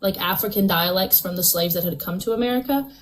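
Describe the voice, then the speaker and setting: A woman's voice: on the low side, fast talker, low-quality recording. A woman in a casual online debate, explaining her point at length with many fillers. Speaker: debate participant.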